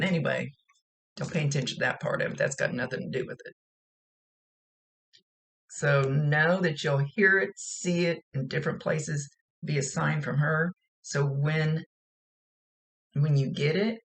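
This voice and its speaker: Gravelly-voiced chatty woman medium. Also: deep voice. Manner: rambling, chatty, laughs often. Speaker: psychic medium. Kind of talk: casual spoken reading.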